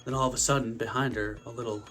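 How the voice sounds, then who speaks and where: A young man hosting a casual movie review vlog, slangy, energetic and profane. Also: medium pitch, fast, faint music behind. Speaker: host of a movie review channel.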